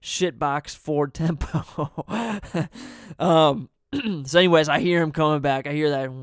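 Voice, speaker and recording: A man's voice: on the high side, slow pace, no echo, studio quality. Profane laid-back man telling a story. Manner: laughs between sentences. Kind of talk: casual storytelling.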